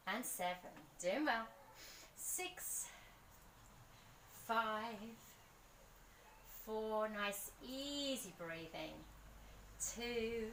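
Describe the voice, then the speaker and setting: A woman leading a pilates session outdoors, gently encouraging and counting reps aloud. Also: a little high, echoey room, far from the mic, a little hiss or hum, rough recording. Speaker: pilates instructor. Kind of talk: guided workout instruction.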